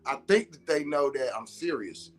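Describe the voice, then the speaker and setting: Laughing, animated storytelling dad. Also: male voice, medium pitch, moderate pace. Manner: animated, laughing through his words, swearing freely. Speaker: father telling a story. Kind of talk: casual storytelling to camera.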